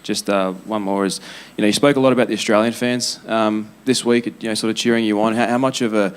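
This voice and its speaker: Reporter guy, low voice, talks fast, lots of ums and uhs. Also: steady tone, clean tone. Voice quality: hesitant, lots of fillers. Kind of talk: asking a question at a press conference.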